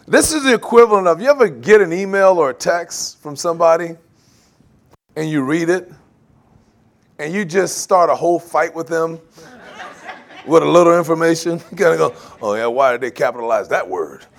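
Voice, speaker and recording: A man preaching a sermon, animated, laughing often and acting out quoted voices. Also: on the high side, normal speed, creaky, pauses often. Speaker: pastor.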